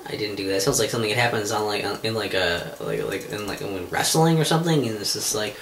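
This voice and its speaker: Talking fast with hardly a pause, this podcast host delivers an exasperated, comedic monologue packed with swearing, fillers and false starts. His voice is fairly low and a bit bright, with slight background noise and a roomy echo.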